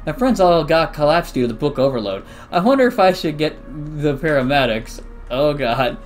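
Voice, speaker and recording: A young man hosting a let's play, reading game dialogue aloud with chatty, excitable reactions. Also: a little high, normal speed, soft background music.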